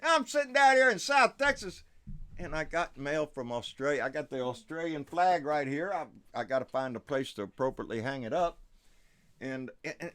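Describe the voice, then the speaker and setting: A man hosting a casual livestream, talking excitably with frequent swearing and stumbling restarts. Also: medium pitch. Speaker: livestream host. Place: South Texas.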